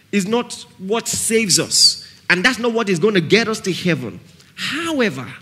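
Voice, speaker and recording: A man's voice: sits high, sharp tone, husky. A man with a Nigerian accent preaching a sermon at a camp meeting. He is emphatic, repeats key phrases and keeps asking his listeners whether they follow him.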